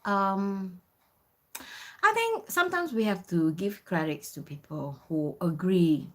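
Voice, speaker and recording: A woman's voice: on the low side, expressive, slow. A woman in her fifties from Singapore, casually telling a story with many "you know" fillers. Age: 50s. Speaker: vlogger.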